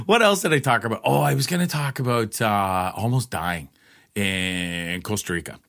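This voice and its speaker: A man's voice: fairly low pitch, a little slow, gravelly, a bit bright. A man telling rambling personal stories in a casual, profane way, laughing often. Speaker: storyteller.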